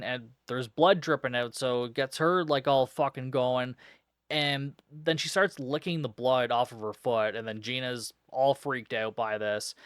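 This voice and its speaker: A man's voice: mid-range voice, a bit bright, clear, resonant tone, dry recording. A man with a mid-range voice rants through a movie recap, sarcastic and fed up, with profanity in nearly every sentence. His voice sits dry and close, with no room sound around it. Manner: exasperated, sarcastic, swears constantly. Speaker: podcast host reviewing a film.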